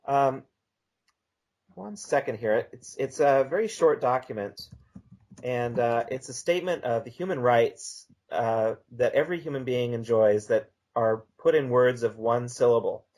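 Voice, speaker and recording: Casting: man, mid-pitched, calm and measured interview guest. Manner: measured, reads a text aloud slowly. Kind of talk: conversational podcast interview.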